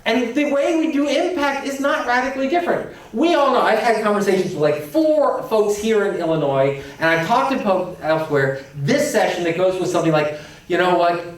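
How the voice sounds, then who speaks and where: A man delivers an animated conference talk with a playful, emphatic edge, slipping into quoted voices as he goes. His voice rides high. It reaches the listener from a distance, washed in heavy hall echo. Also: fairly quick. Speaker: conference keynote speaker. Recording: echoey hall, distant mic.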